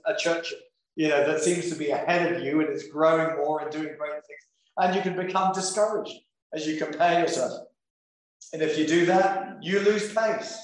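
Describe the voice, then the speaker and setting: High-voiced preacher in an echoey room. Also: male voice. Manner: slow, deliberate scripture reading mixed with conversational asides. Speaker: pastor. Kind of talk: sermon.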